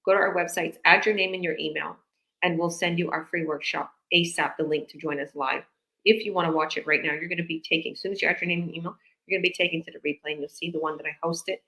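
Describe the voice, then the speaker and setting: A woman's voice: lowish voice, fairly even intonation, quick pace, bright, forceful tone. A woman business coach from Canada chatting casually on a live video call, rambling and acting out conversations. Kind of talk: casual live-stream chat.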